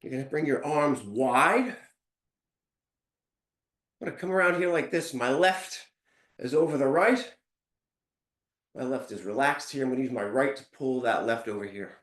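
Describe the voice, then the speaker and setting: A male fitness instructor leading a live workout class, counting reps aloud and giving calm step-by-step cues while out of breath. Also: mid-range voice, moderate pace, pauses often, reverberant.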